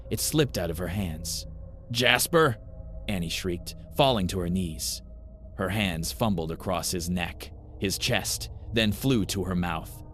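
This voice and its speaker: A man narrating a first-person horror story in a grim, measured way. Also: low-pitched, a bit bright.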